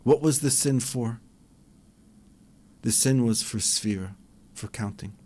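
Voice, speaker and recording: A man's voice: mid-range voice, a little mellow. A man, a rabbi, giving an impassioned Torah lecture and acting out dialogues with a rising voice.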